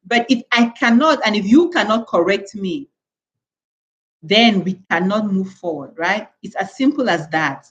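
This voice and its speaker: A woman's voice: medium pitch, animated, a little slow, highs cut off. A woman from Cameroon hosting a live stream, lecturing her viewers in an emphatic way and repeating words for stress. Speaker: channel host.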